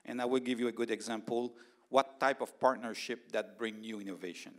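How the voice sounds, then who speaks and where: A middle-aged man with a Canadian accent, a research scientist giving a conference presentation, speaking in a halting way with frequent pauses and quick "okay?" check-ins. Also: mid-range voice, fairly even intonation.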